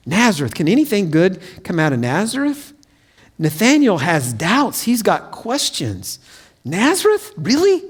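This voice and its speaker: A man preaching a sermon as pastor of a church, telling stories in an animated way and acting out the quotes. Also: high voice. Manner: animated storytelling with acted-out quotes. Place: church sanctuary.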